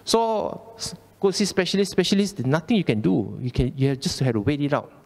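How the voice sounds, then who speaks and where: The Buddhist Dhamma speaker here has a fairly high, darkish voice with vocal fry, speaking in a sing-song way and a little fast within a big-room sound. With a Malaysian English accent, he talks informally and colloquially in a temple hall, repeating phrases and frequently saying "okay?".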